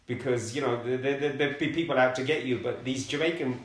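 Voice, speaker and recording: A middle-aged man from London recalls his life in a relaxed interview. He speaks in a halting way, often repeating a word before going on. His voice sits at a middle pitch, and the room around him gives it a roomy echo. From London, England. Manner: halting, repeats words while searching for them. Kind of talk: conversational life story.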